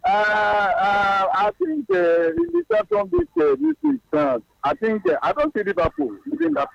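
A man's voice: very high voice, very animated, moderate pace, gravelly, no room sound. A man calling in to a sports radio show, sounding gleeful and often repeating his words. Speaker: caller. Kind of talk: phone-in sports chat. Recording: muffled phone line.

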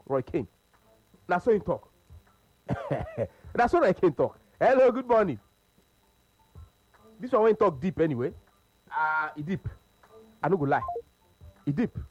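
A man with a Nigerian Pidgin accent hosting a casual sports radio show, animated and repetitive, laughing often. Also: fairly high pitch, slightly rough, dry recording, highs cut off.

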